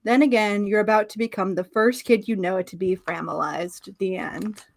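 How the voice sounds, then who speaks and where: A woman's voice: mid-range voice, steady tone, moderate pace, gravelly. A woman in casual chat who reads aloud from a book and playfully mimics voices.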